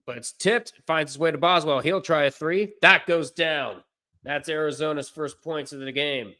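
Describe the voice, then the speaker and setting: A man doing amateur play-by-play commentary on a livestream, unpolished and correcting himself, with deadpan asides. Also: a little high, normal speed.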